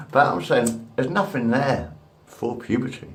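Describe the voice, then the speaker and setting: Gravelly man in his fifties. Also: mid-range voice, expressive, a little slow. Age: 50s. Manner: crude, repetitive, rambling. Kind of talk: rambling monologue to camera. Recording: echoey room.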